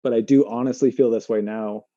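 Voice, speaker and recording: Male co-host, very dark warm tone, halting casual delivery, dull dry recording. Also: medium pitch, steady tone, no echo. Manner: halting, restarts often while working through feelings. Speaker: podcast co-host. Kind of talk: casual chat. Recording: muffled, dry.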